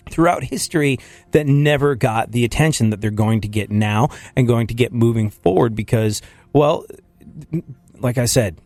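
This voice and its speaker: A man's voice: mid-range voice, a little mellow, dry recording. A man hosting a casual comedic talk show, rambling and riffing with lots of restarts. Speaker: podcast host.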